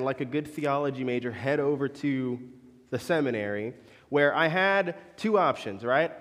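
A man's voice: on the high side, big-room sound. Young male preacher telling stories. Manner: conversational, joking asides to the audience. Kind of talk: sermon storytelling.

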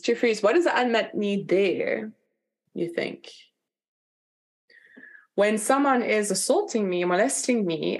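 A woman leading a live online workshop, talking candidly and chattily, full of "like" fillers and blunt swearing. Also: mid-range voice. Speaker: workshop facilitator.

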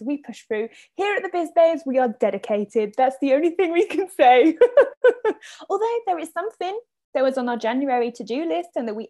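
A young woman in her twenties chats on her podcast in a high, bright voice. She is bubbly and theatrical and laughs easily. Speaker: podcast co-host. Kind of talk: casual chat.

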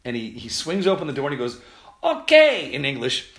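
An American man hosting a podcast, talking casually and quickly, rambling with restarts and fillers. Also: mid-range voice, expressive, fairly bright tone. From United States. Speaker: podcast host. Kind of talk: casual solo podcast monologue. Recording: roomy echo.

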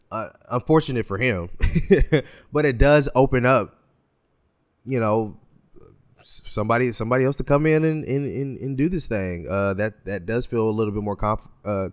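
Hesitant male podcast co-host. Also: fairly low pitch. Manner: hesitant, restarts often, thinking aloud. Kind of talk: casual pop culture discussion.

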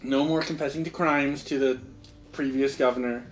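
A man's voice: mid-range voice, fairly even intonation, moderate pace, soft background music. A young man narrating as game master in a casual, rambling way, full of fillers. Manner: rambling, filler-heavy, laughs often.

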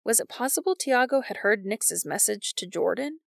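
A woman narrating a novel in a wry, even storytelling manner. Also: on the high side, moderate pace, gravelly, dry recording, clean studio sound. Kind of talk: scripted audiobook narration.

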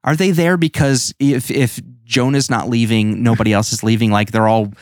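A man's voice: medium pitch, normal speed, no echo, clean studio sound. A man co-hosting a podcast, chatting casually and rambling animatedly about a comic book. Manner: rambling, animated, restarts often. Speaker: podcast co-host.

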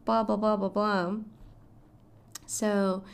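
A woman's voice: mid-range voice, flat delivery, takes it slowly, creaky, clear, resonant tone. A woman casually recapping a show's plot, swearing freely and adding dramatic asides. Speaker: show recap vlogger.

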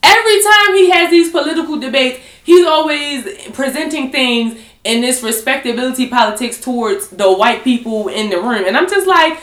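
High-pitched woman podcast host going off, swearing a lot, really lively, echoey room. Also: normal speed, few pauses. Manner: blunt, profane, heated ranting. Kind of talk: casual chat.

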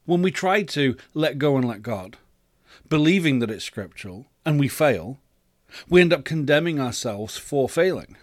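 A man talks in an earnest, gentle storytelling manner as he gives a reflective faith teaching. His voice sits at a middle pitch, and the recording is dry and close with no room sound. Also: animated, moderate pace, dry recording. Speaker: podcast host.

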